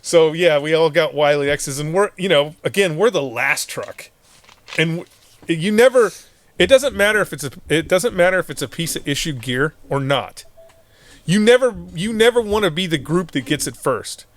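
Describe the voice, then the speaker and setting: A man's voice: a little high, lively intonation, normal speed. A middle-aged man, a former Marine hosting a podcast, telling war stories in casual, profane talk, laughing often and acting out what others said. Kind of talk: casual storytelling.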